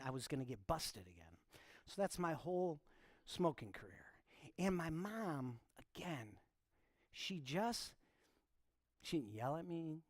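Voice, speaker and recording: A man in his fifties, a pastor telling a personal story to his congregation in a relaxed, self-deprecating way. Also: on the high side, no room sound. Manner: informal, self-deprecating, talks straight to the congregation. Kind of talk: conversational sermon storytelling. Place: church.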